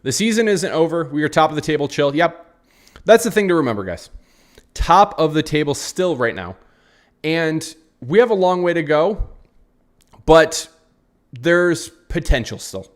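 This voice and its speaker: A man's voice: fairly high pitch, lively intonation, measured pace, pauses often. A young man hosting a live post-match football reaction, frustrated and rambling, repeating himself as he answers chat comments. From United States. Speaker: football channel host.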